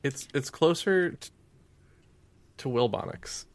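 A man's voice: mid-range voice, very animated, takes it slowly, vocal fry, a little hiss or hum. A man co-hosting a casual podcast chat, teasing and laughing, swearing now and then. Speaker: podcast co-host.

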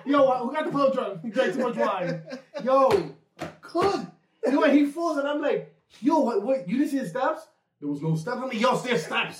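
A young man telling stories in a casual podcast chat, animated and laughing, acting out loud exclamations. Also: very high-pitched, moderate pace, background noise. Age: young adult. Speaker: podcast co-host. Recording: echoey room, mic far off.

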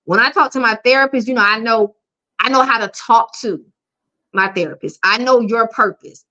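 Woman coach, candid and direct, higher voice, muffled lo-fi recording. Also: normal speed, bright, forceful tone. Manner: frank and down-to-earth, speaks openly. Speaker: life coach, interview guest. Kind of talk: candid conversational interview. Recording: dull lo-fi audio.

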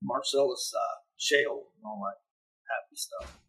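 A man's voice: mid-range voice, measured pace, creaky, bright, forceful tone, slightly rough, rough recording. A man from eastern Ohio with a Pittsburgh-area accent, talking in an easygoing, rambling way as a guest in an interview. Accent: Pittsburgh-area (Yinzer). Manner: rambling, easygoing, many fillers. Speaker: guest musician. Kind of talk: casual interview chat.

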